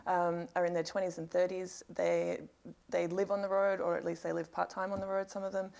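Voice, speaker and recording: A woman introducing her magazine as a panelist, measured and a little hesitant. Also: lowish voice, level tone, creaky, darkish tone. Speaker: magazine founder and editor, panelist. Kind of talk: conference panel talk.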